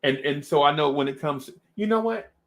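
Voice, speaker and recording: A man's voice: a little high, lively intonation, brisk. Rambling, slangy male host. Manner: rambling, slangy, full of restarts. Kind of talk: casual chat.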